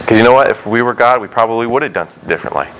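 A man's voice: mid-range voice, racing, fairly bright tone, slight background noise, rough recording. A young adult male pastor preaching a sermon in a conversational way, acting out quotes and dialogue.

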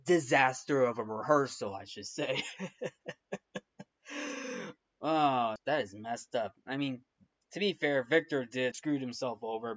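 A man's voice: mid-range voice, fairly bright tone. Rambling man recapping a film. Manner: rambling, full of "like" and restarts. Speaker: film reviewer. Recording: dull lo-fi recording.

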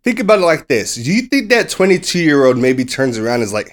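Animated American man telling a sports story. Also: a little high, a little fast. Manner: animated storyteller, acts out quoted people; swears casually. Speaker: podcast co-host. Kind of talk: casual sports chat.

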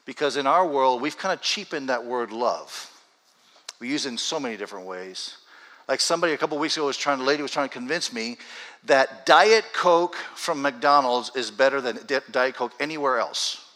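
A man preaching a sermon in a church, talking conversationally and slowing down deliberately for scripture readings. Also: medium pitch, animated, sharp tone, low-quality recording. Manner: conversational, builds to urgent raised passages; reads scripture slowly and deliberately. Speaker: pastor. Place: church sanctuary with congregation.

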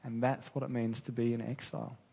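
Man, pastor, sermon, earnest and unhurried, slightly husky. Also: medium pitch, flat delivery, mellow. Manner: earnest, unhurried preaching with pauses and restarts.

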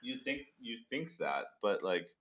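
A man's voice: medium pitch, expressive, measured pace, fairly bright tone, dull audio. A man telling laid-back anecdotes during casual podcast banter with friends. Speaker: podcast guest.

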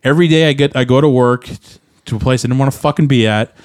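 A man's voice: mid-range voice, fast talker, clear, resonant tone, dry recording, studio quality. A young man talking candidly on a podcast, rambling with lots of fillers and restarts. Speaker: podcast co-host, musician. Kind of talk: candid casual chat.

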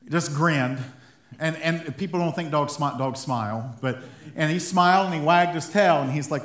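A man's voice: on the high side, unhurried, fairly bright tone. A man preaching a sermon in a conversational way, acting out little quotes and building to fired-up emphasis. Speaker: pastor. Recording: echoey room.

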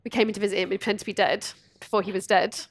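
A woman guest telling candid stories in conversation, animated, laughing and swearing freely. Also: medium pitch, rapid-fire, dry recording. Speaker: podcast guest.

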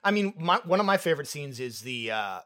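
Animated, higher-voiced male podcast host. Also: fairly quick. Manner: animated, laughing, mocking quotes. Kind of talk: casual film review chat.

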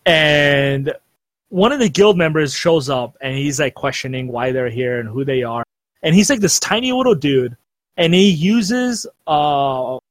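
A man's voice: mid-range voice, no room sound. A young man chatting casually as a podcast host, recapping an anime with rambling restarts and frequent laughter.

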